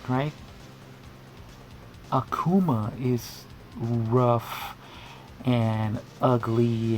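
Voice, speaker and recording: A man's voice: mid-range voice, darkish tone. A man giving casual, rambling commentary to camera, often restarting sentences and drifting into asides. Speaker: video creator.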